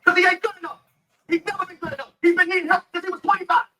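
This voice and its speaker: A man's voice: very high voice, steady tone, rapid-fire, bright, forceful tone, low-quality recording. A man, ranting angrily and profanely about basketball. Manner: heated, profane, emphatic. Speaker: sports commentator. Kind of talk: angry rant.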